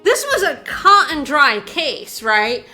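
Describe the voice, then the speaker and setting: A woman streaming a video game, chatting casually with her viewers, excitable and insistent, repeating herself and laughing often. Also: sits high, slow pace, faint music behind. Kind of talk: casual game commentary to chat.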